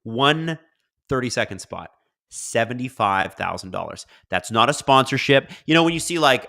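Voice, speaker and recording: A man's voice: medium pitch, animated, moderate pace, creaky, sharp tone. A man hosting a casual live stream, reading viewer comments aloud and riffing on them in a chatty way. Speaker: livestream host.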